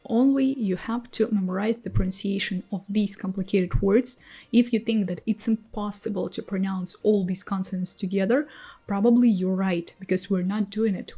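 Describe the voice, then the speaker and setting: Woman language teacher, native Russian speaker, unhurried patient explainer, warm husky tone. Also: mid-range voice. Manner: slow, patient explanation with repeated example words. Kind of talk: explaining pronunciation rules.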